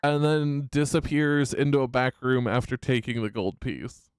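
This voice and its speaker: A man's voice: medium pitch, normal speed, clean tone, dry recording. Dry-voiced man running a tabletop game. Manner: playful, laughs often while narrating. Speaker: game master.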